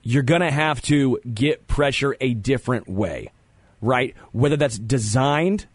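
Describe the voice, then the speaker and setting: A man hosting sports talk radio, animated and opinionated, often stammering as he restarts a thought, on a close studio mic. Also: medium pitch, unhurried, no echo.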